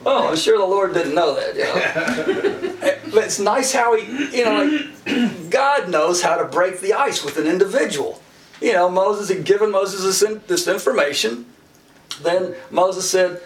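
Middle-aged guy preaching, jokey and folksy, kinda high voice, mic far off, faint hiss. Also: lively intonation, unhurried. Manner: folksy and humorous, chuckling often, voicing characters in quotes. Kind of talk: sermon. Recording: echoey room from far off with faint noise.

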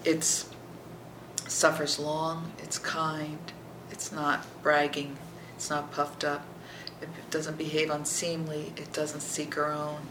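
A Bible teacher reads scripture aloud and explains it verse by verse, often asking "okay?" and sometimes dropping to a soft near-whisper. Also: mid-range voice, creaky, roomy sound, noisy background. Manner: checks in with listeners by asking "okay?".

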